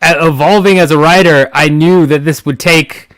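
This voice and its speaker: A man's voice: a little high, fairly even intonation, moderate pace, a bit bright, dry recording. An American man as a podcast guest, candidly explaining his path in a self-deprecating way. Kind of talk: casual chat.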